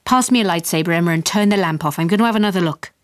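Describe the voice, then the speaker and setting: A blustering dad in a dry, close storybook reading, clipped and bossy when calm, high and shouting when rattled, as a woman narrator puts him on. The sound is dead and close to the mic. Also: rapid-fire, dry recording. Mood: gruff. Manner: gruff and bossy when calm, yelling in a panic. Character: exasperated British dad, father of the family.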